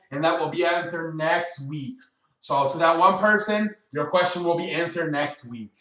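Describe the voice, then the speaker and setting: A male sports host talks in a high, rambling voice full of fillers and curses. He sounds set back from the microphone. The room around him is echoey. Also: a bit bright, far from the mic. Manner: rambling, profane, with many fillers. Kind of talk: casual solo show wrap-up. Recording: roomy, away from mic.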